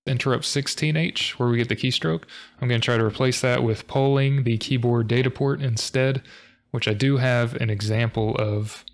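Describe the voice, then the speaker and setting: A man in a casual coding tutorial, speaking in a low-key monotone. His voice is mid-pitched with a gravelly, fry-tinged edge. He sounds tired, pausing on ums and trailing off with small laughs. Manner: low-key, monotone, self-described as not very expressive; rambling with frequent ums and soft laughs. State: tired late at night. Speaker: programming tutorial host. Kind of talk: casual screen-recorded coding talk.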